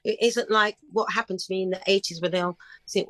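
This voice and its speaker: A middle-aged woman talks in an interview with a chirpy, upbeat manner and brings her stories to life. Her voice sits at an everyday pitch. The recording is close and dry, with no room sound. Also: moderate pace, no echo. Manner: chirpy, upbeat, animated storytelling. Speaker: guest singer. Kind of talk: casual interview chat.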